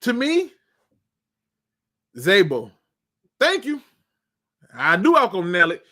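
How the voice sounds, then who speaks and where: A man hosting a live football draft stream, talking in a joking, animated, colloquial way. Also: high voice, slow. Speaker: sports show host.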